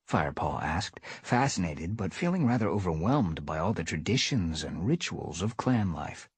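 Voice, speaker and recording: Husky, low man reading a story live, animated delivery, dry close sound. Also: moderate pace, hardly any pauses, dry recording. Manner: lively, shifting voices for characters. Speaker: reader.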